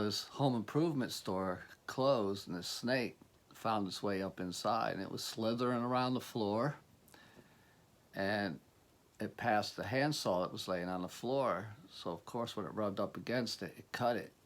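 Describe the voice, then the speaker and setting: A man giving a motivational talk as a life coach, earnest and rambling, with many restarts. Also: on the low side.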